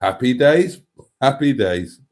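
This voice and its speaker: A man's voice: mid-range voice, very animated, takes it slowly, a little mellow. A man hosting a livestream, tipsy from wine, chatting, laughing and reading comments aloud. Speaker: livestream host. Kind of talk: casual livestream chat.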